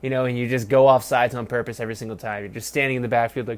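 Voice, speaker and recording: A man's voice: medium pitch, fairly even intonation, rapid-fire, hardly any pauses. Profane young man ranting about football. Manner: profane, rambling, mocking, swings from loud to mumbled. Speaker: sports podcast host. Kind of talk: casual solo game review rant.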